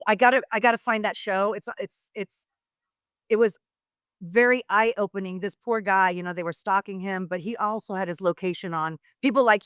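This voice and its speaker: Clean studio audio with no room sound captures this medium-pitched, fairly bright woman. A retired wrestler in middle age, she's a podcast guest who rambles through casual stories and performs the quoted voices herself.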